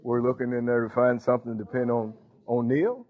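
A man's voice: medium pitch, fairly even intonation, brisk, narrow, tinny audio. A man preaching a sermon, calling out to the congregation and breaking into sung lines.

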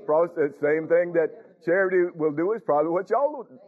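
A man's voice: fairly high pitch, quick pace. A man preaching a sermon in a conversational way, often asking the congregation if they follow him. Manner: conversational, questioning the congregation, chuckling. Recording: tinny phone-like recording.

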